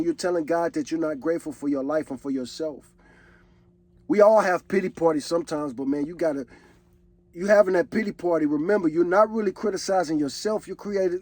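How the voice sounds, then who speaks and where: A man's voice: a little high, a little fast, darkish tone, no room sound. A man, reacting to a song in casual commentary, earnest and preachy. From Chicago. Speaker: reaction video host.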